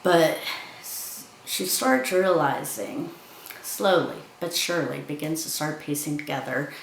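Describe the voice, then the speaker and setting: Low-voiced woman chatting through a film plot. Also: measured pace, gravelly, roomy sound, slight background noise, low-quality recording. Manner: chatty, retells scenes by acting out quotes. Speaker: film reviewer. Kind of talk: casual film review and plot retelling.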